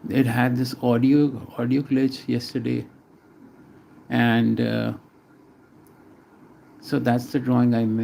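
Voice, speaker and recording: Chatting with viewers between strokes, a man casually narrates a live drawing stream, naming each line he puts down. He has a medium-pitched, creaky voice with a warm tone, recorded with slight background noise.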